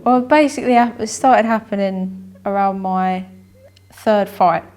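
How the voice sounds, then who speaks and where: A young woman recounts her fights in an interview, her voice sitting at an ordinary middle pitch. She rambles and circles back, repeating phrases as she goes. She slips into the voices of herself and those around her. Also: measured pace, a little mellow. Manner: rambling, repeats herself, acts out her own inner voice and dialogue. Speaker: amateur boxer, interview guest. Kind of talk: candid interview storytelling.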